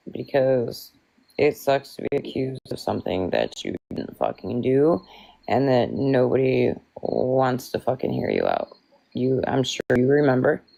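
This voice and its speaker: A woman's voice: rumbling low, gravelly, mellow, rough recording. A woman joining a livestream as a guest, talking in a rambling, emphatic way and swearing often. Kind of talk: casual livestream chat.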